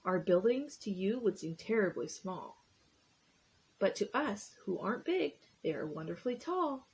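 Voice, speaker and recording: A woman's voice: mid-range voice, very animated, a little slow, darkish tone, breathy edge, full character voice, poor audio. A woman voicing a tiny, friendly male town mayor in a storybook, speaking earnestly and gratefully.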